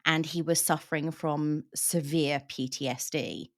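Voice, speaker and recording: A woman discussing a novel in relaxed conversation, explaining points carefully. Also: deep voice, a little slow. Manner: explanatory, thoughtful. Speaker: book discussion host. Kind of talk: casual book chat.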